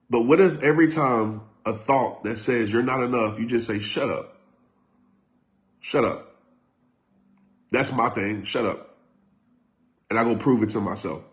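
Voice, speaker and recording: A man speaks to a live online audience in an emphatic motivational style. He hammers his points through repetition and at times rises to a shout. His voice sits at an ordinary male pitch. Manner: talks directly to live viewers. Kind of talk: live-streamed motivational talk.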